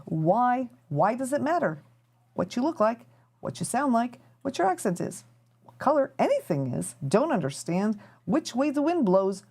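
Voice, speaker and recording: A woman talking casually to her viewers on a livestream, chatty and rambling, getting animated as she makes her point. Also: medium pitch. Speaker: livestream host.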